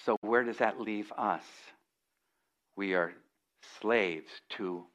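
A man's voice: lowish voice, slow pace, pauses often, a bit bright. A man preaching an expository sermon, with folksy asides and frequent restarts.

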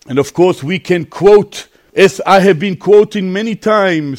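A man preaching a sermon and reading scripture aloud, slow and emphatic, drawling out words and swinging sharply between high and low. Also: a little mellow.

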